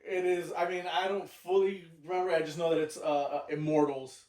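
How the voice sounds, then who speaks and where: A man's voice: fairly high pitch, level tone, fairly quick, a little mellow, far from the mic. A man co-hosting a casual podcast, telling rambling, self-deprecating stories. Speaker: podcast co-host. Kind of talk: casual chat. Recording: echoey room, off-mic.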